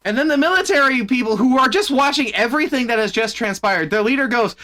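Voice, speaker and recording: A man streaming and chatting casually, in an animated, exasperated way with plenty of swearing. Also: very high-pitched, a little fast, hardly any pauses. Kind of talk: casual chat.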